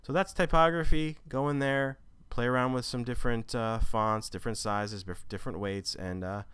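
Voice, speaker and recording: A man with a smooth, lowish voice teaches an online course at normal speed, with no room sound. Walking through a screen-recorded tutorial, he talks in a relaxed, conversational way, with frequent fillers and self-corrections.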